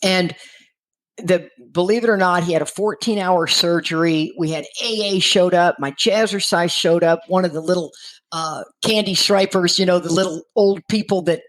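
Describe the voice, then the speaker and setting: A middle-aged woman from Texas, a recovery speaker telling her own story in a lively way and often laughing. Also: moderate pace. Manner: lively, acts out quoted voices with jumps in pitch, laughs often. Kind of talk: storytelling talk.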